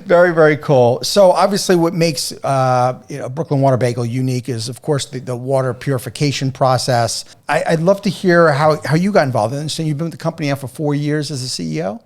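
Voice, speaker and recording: A man's voice: a little high, fairly quick, hardly any pauses. A man with a New York accent hosting a podcast interview, talking with enthusiasm and frequent restarts. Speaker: podcast host. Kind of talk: casual interview chat.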